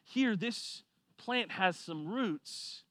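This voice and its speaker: A man preaching a sermon, telling a personal story with lively swings from quiet reflection to loud excitement. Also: high voice, extremely slow, dry recording. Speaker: pastor.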